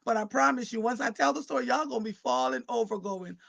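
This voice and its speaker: Gravelly high-voiced woman hosting a livestream. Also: quick pace. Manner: animated, repeats words when starting a thought; addresses viewers and guests directly, conversational. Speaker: live show host. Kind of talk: casual livestream talk.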